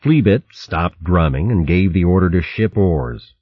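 A man reading a storybook aloud in a measured, dramatic way. His voice is very deep with a husky grain. The recording is dry and slightly dull. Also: lively intonation, dry recording. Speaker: audiobook narrator. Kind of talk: scripted storybook narration.

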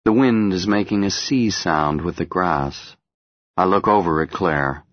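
A man narrating an audiobook in the first person, measured and intimate. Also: deep voice, no echo, muffled recording.

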